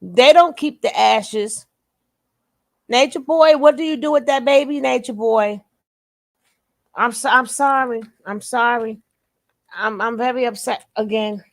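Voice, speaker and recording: Emphatic woman with a higher voice. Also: measured pace, pauses often. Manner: emphatic, repeats phrases over and over; blunt, curses then apologizes. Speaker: reaction commentator. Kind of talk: reaction commentary.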